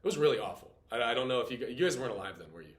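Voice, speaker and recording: A man in his late twenties teaching a class in a casual, animated way, full of fillers. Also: mid-range voice, racing. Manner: animated, chatty, heavy on filler "like". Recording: roomy classroom echo.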